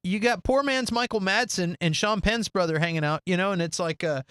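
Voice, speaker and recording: A man co-hosting a casual movie podcast, animated and laughing often, acting out lines from films. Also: high-pitched, brisk, clear, resonant tone, dry recording, clean studio sound. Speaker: podcast co-host. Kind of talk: casual chat about movies.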